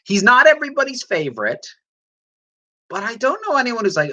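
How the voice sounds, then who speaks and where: A woman's voice: on the high side, sing-song, brisk, bright, forceful tone, lo-fi sound. A woman hosting a livestream, chatting casually and reading out viewer comments, rambling with frequent restarts. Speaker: livestream host reading chat. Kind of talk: casual chat.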